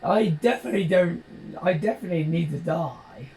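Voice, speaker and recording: A man's voice: fairly high pitch, animated, fairly quick, vocal fry, darkish tone. A British man giving rambling, jokey gameplay commentary, describing himself as a dull talker. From Britain. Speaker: gaming channel host.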